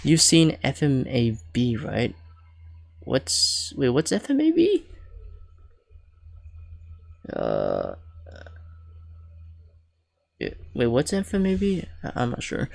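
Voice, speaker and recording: A man's voice: mid-range voice, huge pitch swings, takes it slowly, gravelly, long pauses. A young man streaming a video game live, talking casually in a rambling way with many fillers and self-corrections.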